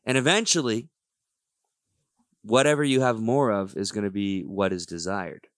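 A man co-hosting a casual faith podcast, chiming in with quick reactions and musing aloud. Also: on the low side, dry recording, studio quality. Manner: lively, chimes in with quick reactions. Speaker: podcast co-host.

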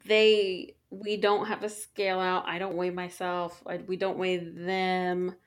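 A woman's voice: fairly low pitch, little pitch movement, measured pace, clear, resonant tone. A woman in her thirties chatting casually and candidly about parenting, swearing freely and restarting her sentences often. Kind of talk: casual chat.

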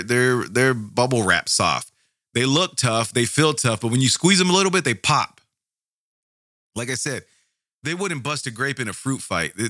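A man's voice: medium pitch, sharp tone, no echo, clean studio sound. A man hosting a true crime podcast, reading case notes aloud and breaking off into profane, angry asides full of stammered restarts.

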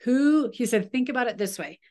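A woman's voice: on the high side, animated, brisk, a little mellow. A woman in her thirties leading a team video call, chatty and upbeat with frequent asides and coaching pep.

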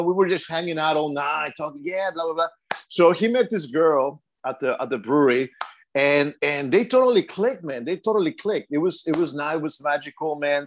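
A young man with a fairly high voice rambles through a story on a casual podcast. He stumbles and restarts often and keeps dropping in "man.". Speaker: podcast co-host. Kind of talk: casual chat.

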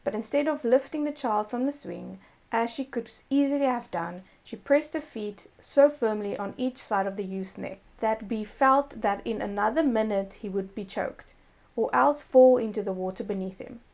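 A woman reading a fairy tale aloud in a gentle storytelling manner, now and then correcting a slipped word. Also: fairly high pitch, moderate pace.

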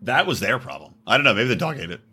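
A man hosting a podcast tells a story in casual chat. His voice is bright and slightly husky, with a pitch that swings widely as he gets excited. He laughs often as he talks. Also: fast talker. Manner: animated, laughing, jumps into high exclaims. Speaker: podcast host.

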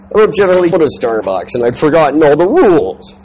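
A high-pitched male comedian recounts a frustrating errand with mounting exasperation and incredulity. His voice leaps around, climbing into flustered outbursts. Steady background noise hums under the recording. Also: fast, low-quality recording. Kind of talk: comic storytelling monologue.

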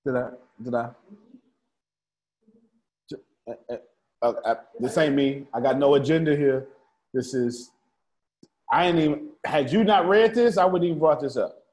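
A man's voice: medium pitch, moderate pace, long pauses, darkish tone. A man leading a live group lesson, repeating his points and calling on listeners by name. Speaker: teacher of a study group. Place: room with a small live audience.

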